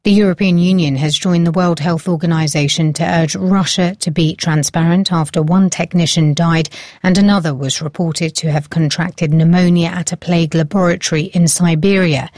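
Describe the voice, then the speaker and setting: A woman newsreader delivers scripted headlines in a measured, formal read. Her voice sits fairly low, and the recording is dry and close, as in a studio booth. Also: a little mellow, no echo. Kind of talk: scripted news bulletin.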